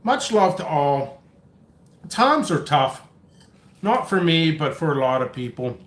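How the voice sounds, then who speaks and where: Man, vlog host, chatty and scattered, short of breath, pitched a touch high. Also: very animated, takes it slowly, fairly bright tone, echoey room. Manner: rambling, coffee-fueled, chatty. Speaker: pepper seed seller and channel host. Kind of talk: casual live-stream chat. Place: indoor home workspace.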